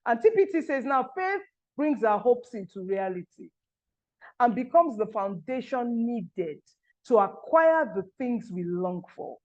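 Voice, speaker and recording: A woman's voice: a little high, big pitch swings, measured pace, a little mellow, muffled recording. A woman giving a motivational business talk with an emphatic, preaching cadence over a video call. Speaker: business speaker.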